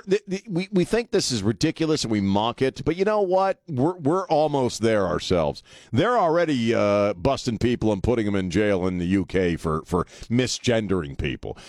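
A man's voice: medium pitch, darkish tone, dry recording, studio quality. A man hosting a talk radio show, delivering a blunt, sarcastic monologue and laughing often. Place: radio studio. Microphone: studio microphone.

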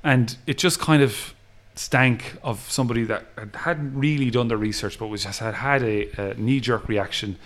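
An Irish man, a music festival promoter, chatting on a podcast and telling lively stories, acting out other people's lines and laughing often. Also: medium pitch, moderate pace, few pauses. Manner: animated storyteller who acts out quotes and laughs often. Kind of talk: casual podcast interview, storytelling.

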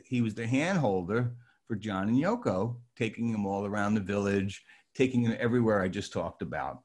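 An older man from New Jersey tells a personal story with a lot of energy. His pitch swings widely and he keeps jumping into other people's voices. He sounds like a born storyteller. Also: breathy edge. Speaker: storyteller guest. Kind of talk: animated anecdote telling.

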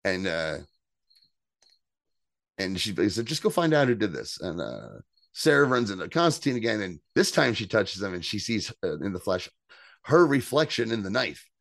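A man co-hosting a casual podcast, recapping a TV episode with animated storytelling, acting out quotes and swearing. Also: lowish voice, normal speed, vocal fry, pauses often, no room sound, clean studio sound. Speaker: podcast co-host.

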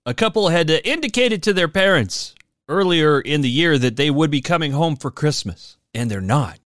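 A man's voice: a little high, moderate pace, no echo, studio quality. A man hosting a podcast, chatting easily and wrapping up the episode with a few "uh" fillers. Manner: easygoing, relaxed, light fillers. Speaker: podcast host. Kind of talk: casual chat and show wrap-up.

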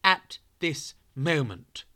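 A podcast host reads a true story to children, chatting playfully with the listeners between sentences. The voice is bright and clear, and the pitch climbs and dips with lively expression. The pace stays slow and unhurried. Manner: playful, talks straight to young listeners.

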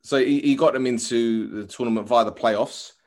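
A man's voice: mid-range voice, normal speed, darkish tone. Chatty man talking football. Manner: chatty, teasing, opinionated. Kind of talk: casual football podcast chat.

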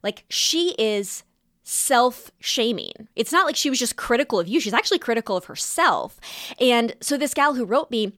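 A young adult woman hosting a podcast, talking in a chatty, animated way with quick asides. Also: on the high side, no room sound, clean studio sound. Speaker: podcast host and style teacher. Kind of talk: casual podcast monologue.

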